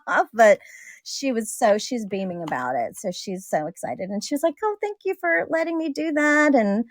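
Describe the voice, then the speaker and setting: A woman's voice: on the high side, big pitch swings, normal speed, no echo. A woman chatting casually as a guest, laughing often and acting out bits of family dialogue. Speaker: single mother. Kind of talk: casual conversation.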